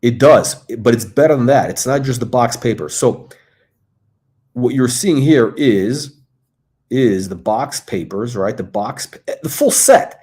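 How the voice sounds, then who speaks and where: A man hosting a live stream talks casually at an ordinary middle pitch. He rambles with frequent fillers, repeated words and restarts. His voice comes through a computer mic. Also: unhurried, dark tone. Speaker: host. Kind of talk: casual livestream chat.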